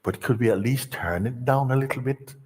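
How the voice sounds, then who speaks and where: A man's voice: mid-range voice, fairly quick, husky, in a large hall, voice pushed up, lightly acted. A man voicing a panicky young male learner driver who pleads nervously and sounds flustered. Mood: panicky, pleading.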